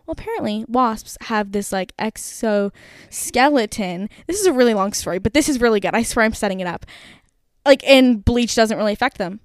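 Animated young woman telling a story. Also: a little high, fairly quick, dry recording, studio quality. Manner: animated, breathless, full of "like" fillers. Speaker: podcast host. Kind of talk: casual storytelling.

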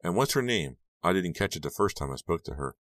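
A sheepish teenage boy in an audiobook who stumbles through an apology, voiced by a man with a very deep voice. The recording is dry and close. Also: animated, brisk, a bit bright, dry recording. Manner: hesitant, sheepish. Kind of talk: audiobook character voice.

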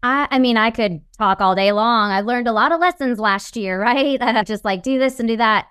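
A woman guest in an interview, giving advice in an upbeat, animated way. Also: on the high side, moderate pace, clean tone, dry recording, studio quality. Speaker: guest, networking expert. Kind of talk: casual interview chat.

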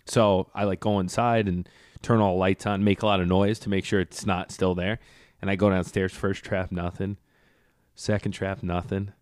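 A man's voice: low voice, little pitch movement, moderate pace, darkish tone, dry recording, studio quality. A man co-hosting a podcast, telling a story in a jokey, casual way with a radio-style voice. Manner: storytelling, jokey, says he can't help a radio voice. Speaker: podcast co-host. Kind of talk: casual chat.

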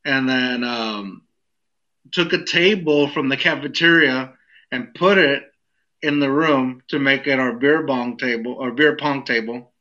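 A man's voice: mid-range voice, unhurried, bright, forceful tone, muffled recording. A young man telling a story in casual chat, rambling and searching for words with many fillers. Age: young adult.

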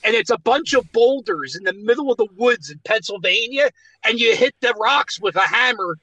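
A man's voice: extremely high pitch, lively intonation, normal speed, pushed and bright, dry recording, dull audio. A man from Philadelphia calling in as a guest, trash-talking and gleeful in casual banter from outdoors. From Philadelphia, USA. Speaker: phone-in guest, superfan. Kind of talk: casual phone call banter. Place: outdoors in the woods. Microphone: phone.

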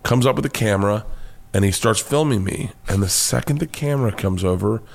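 American male comedian, animated storyteller, swears freely, jumps into high-voiced impressions. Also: brisk, creaky. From United States. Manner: excitable, swears freely, acts out quotes in a high voice. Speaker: guest comedian.

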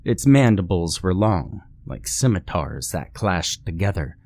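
A man narrating a scary story in a measured, dramatic storytelling way. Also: low voice, animated, darkish tone. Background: faint music.

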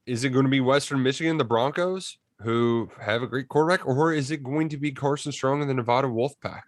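A man co-hosting a casual college football podcast, talking in animated, excitable bursts. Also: medium pitch, brisk, dry recording, clean studio sound. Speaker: podcast co-host. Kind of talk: casual sports chat.

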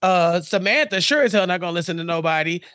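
Man, podcast co-host, casual recap chat, forceful voice, quite high. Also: quick pace, no echo, studio quality. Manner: animated, acts out characters' lines.

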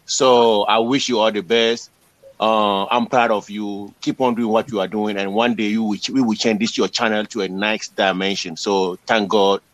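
A man from Africa speaking on a livestream as a guest's husband, earnest and slightly formal, pausing often with fillers. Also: lowish voice, steady tone, no room sound. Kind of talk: casual livestream chat.

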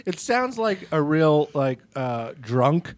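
A man's voice: on the high side, very animated, dry recording. Joking man on a dry close mic. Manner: joking, goofy, quick to laugh. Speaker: podcast co-host. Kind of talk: casual comedy chat.

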